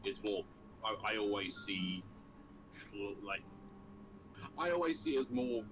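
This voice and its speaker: A man's voice: lowish voice, expressive, unhurried. A man playing a tabletop game who speaks hesitantly and stumbles over his words. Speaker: player. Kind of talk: casual tabletop game chat. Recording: noisy home recording.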